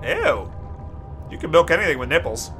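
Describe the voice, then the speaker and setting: A man's voice: fairly high pitch, wildly swooping pitch, moderate pace, bright, forceful tone, soft background music. A man streaming a horror game, screaming often and blurting silly minced curses between goofy play-voices. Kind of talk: live gameplay commentary.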